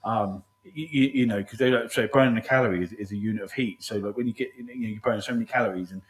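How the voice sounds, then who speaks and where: A man hosting a casual podcast chat, rambling and swearing freely, calling his guest "mate". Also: lowish voice. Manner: rapid, rambling, heavy swearing, lots of "mate". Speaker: podcast host.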